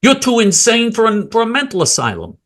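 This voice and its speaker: A male political commentator ranting angrily and mockingly, swinging from loud outbursts to low mutters. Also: wildly swooping pitch, a little fast.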